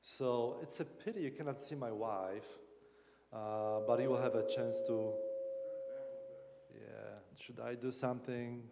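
A man from Poland with a Polish accent, preaching as a guest speaker in a humorous, halting way with many restarts. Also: mid-range voice, steady tone, vocal fry, long reverb tail, very noisy. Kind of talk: sermon. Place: church sanctuary.

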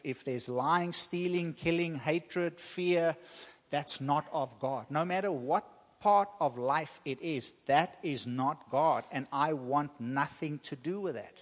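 A fairly high-voiced man preaching with emphatic, repetitive phrasing and slow, weighty pauses. His voice carries a long reverb that rings through a church hall. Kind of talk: sermon.

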